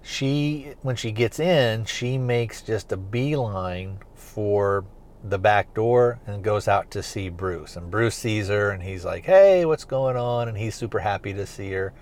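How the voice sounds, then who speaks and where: A man's voice: lowish voice, steady tone, measured pace. A man hosting a podcast, recapping a TV episode in a loose, rambling way with lots of fillers like "kinda" and "you know". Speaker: podcast host reviewing a TV series.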